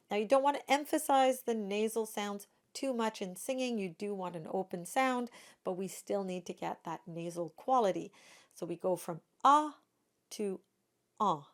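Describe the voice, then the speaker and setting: A woman singing teacher giving a pronunciation lesson, demonstrating each vowel sound slowly and carefully. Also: mid-range voice.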